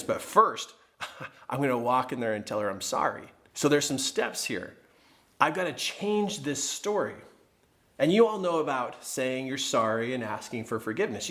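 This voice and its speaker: A man working as a personal development trainer, teaching through a personal story in an earnest, animated way. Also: medium pitch.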